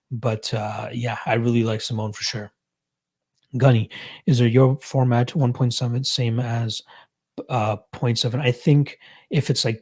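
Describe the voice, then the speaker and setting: A man's voice: mid-range voice, a little mellow. A young Canadian man hosting a casual live stream, reading chat and answering betting questions in a laid-back, chuckling way.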